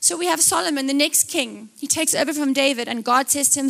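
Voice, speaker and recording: A woman's voice: sits high, a little fast, vocal fry. A young South African woman preaching a live sermon, telling stories with jokey asides and acting out voices. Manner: animated storytelling, acts out voices, jokey asides.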